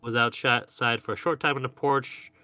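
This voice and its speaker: A man co-hosting a podcast, chatting in a relaxed way and laughing often. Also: mid-range voice, moderate pace, no room sound. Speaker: podcast co-host. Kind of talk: casual chat.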